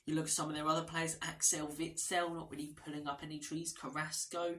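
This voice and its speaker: A man's voice: on the high side, level tone, fairly quick, bright, forceful tone, rough recording. A man hosting a casual football predictions vlog, chatty, blunt and opinionated. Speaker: football channel host.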